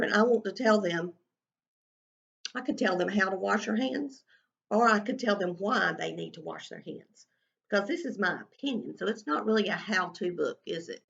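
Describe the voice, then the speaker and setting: A kindergarten teacher modelling a writing lesson for young children, talking slowly in a sing-song way and stretching out sounds while she writes and draws. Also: mid-range voice, creaky, a bit bright, dull audio.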